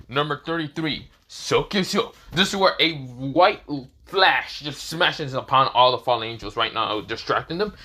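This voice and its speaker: A man casually retelling a fan story, halting, with many fillers and self-corrections. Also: medium pitch, bright, forceful tone. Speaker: narrator.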